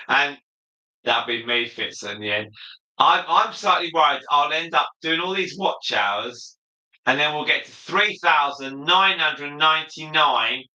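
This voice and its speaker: Bright, sharp-voiced male livestream host. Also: on the high side, expressive, unhurried, roomy sound, poor audio. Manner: chatty, reads viewer comments aloud and answers them. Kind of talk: casual livestream chat.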